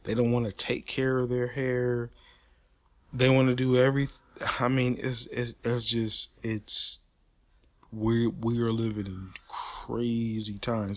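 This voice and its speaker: A man, ranting in a profane, repetitive, animated way. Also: medium pitch, slow pace, dry recording. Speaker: podcaster. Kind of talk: unscripted rant.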